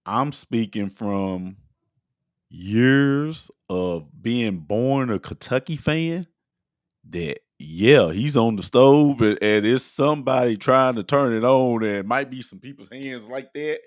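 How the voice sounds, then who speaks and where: A man's voice: medium pitch, expressive, slow, dry recording, clean studio sound. A man co-hosting a casual sports reaction chat, asking questions and stopping to restart his sentences. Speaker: co-host.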